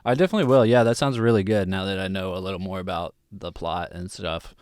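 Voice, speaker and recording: An easygoing man co-hosting a film podcast. His voice is very deep and smooth, and it is recorded dry and close with no room sound. He mostly agrees and adds relaxed comments. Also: fast talker, no room sound. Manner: easygoing, short agreeing replies. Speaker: podcast co-host. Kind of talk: casual film chat.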